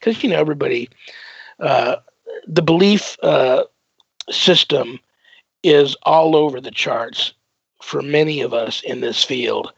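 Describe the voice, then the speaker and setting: Male radio host, gravelly and husky, loose rambling delivery, dull lo-fi broadcast sound. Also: medium pitch, a little slow, long pauses, no echo. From United States. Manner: warm-hearted rambling with many fillers. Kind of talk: casual radio interview chat. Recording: dull dry lo-fi broadcast audio.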